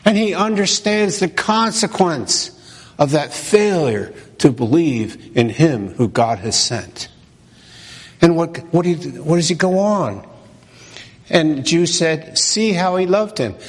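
A man preaching from the pulpit in a measured, deliberate rhythm, repeating his questions for emphasis. His voice sits a little high for a man. The sound carries a long reverb, as if in a large church. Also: expressive. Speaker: pastor. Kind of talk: sermon.

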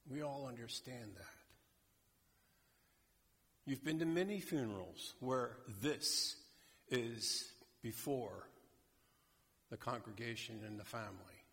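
Slow-preaching man in a reverberant hall. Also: mid-range voice, vocal fry, fairly bright tone, husky. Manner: slow, deliberate, emphatic preaching. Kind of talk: sermon.

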